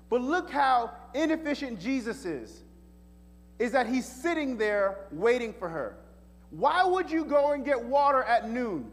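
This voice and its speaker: A man preaching a sermon as pastor, animated and casual, full of slang and rhetorical questions. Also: extremely high pitch. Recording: echoey hall reverb.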